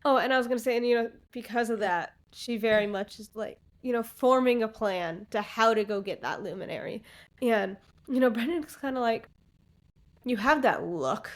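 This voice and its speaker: A woman's voice: on the high side, brisk. A woman co-hosting a podcast, casually recapping a book in a chatty way. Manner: chatty recapper, quotes characters in passing. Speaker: podcast co-host.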